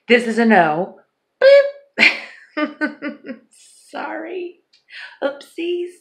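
A woman's voice: sits high, very animated, drawn-out words, creaky, a little hiss or hum. A tired middle-aged woman who has been up all night, rambling in a casual home vlog, swearing a lot and laughing often. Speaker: vlogger.

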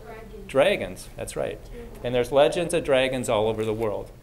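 A man's voice: mid-range voice, lively intonation, normal speed, gravelly, a little hiss or hum. A man giving a casual talk to a live audience as a Christian speaker. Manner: casual, conversational, frequent restarts.

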